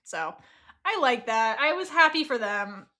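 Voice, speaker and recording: A woman co-hosting a podcast, talking in a lively, sing-song way with a bright, slightly raised voice. She laughs a lot and swears freely as she chats. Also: fairly high pitch, unhurried. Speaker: podcast co-host. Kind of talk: casual podcast chat reviewing a TV series.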